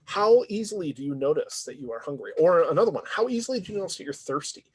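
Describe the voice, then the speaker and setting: Husky-voiced man giving a reflective lecture. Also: a little high, expressive, fast. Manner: conversational, reflective, frequently asks "right?". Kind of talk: university lecture.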